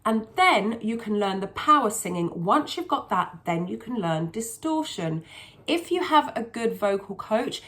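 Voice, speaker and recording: A woman's voice: medium pitch, a bit bright. A woman vocal coach explaining singing technique in a chatty, patient way, often restarting her sentences.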